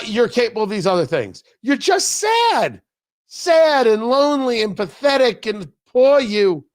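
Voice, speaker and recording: A man's voice: high-pitched, fairly bright tone. A male radio talk show host giving opinionated political commentary from the studio, full of sarcastic, riffing asides.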